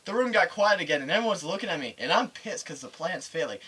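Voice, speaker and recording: A young man co-hosting a podcast, telling a crude story with animated energy and acted-out quotes. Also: fairly high pitch, fast, breathy edge, distant mic, rough recording. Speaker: podcast co-host. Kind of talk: casual storytelling chat.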